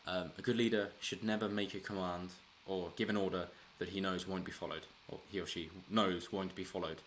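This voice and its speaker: This political commentary host speaks fairly quickly in a very low voice with a fairly bright tone and steady delivery. He rambles casually on his own, restarting phrases and chuckling, over a faint background hiss.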